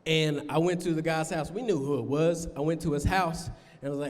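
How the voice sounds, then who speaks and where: A man with a fairly high voice, working a live crowd as a stand-up comedian. He tells loose rambling stories and jumps into squeaky put-on voices for other people. His voice rings with the long reverb of a performance venue. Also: steady tone, fairly quick, hardly any pauses, a little mellow.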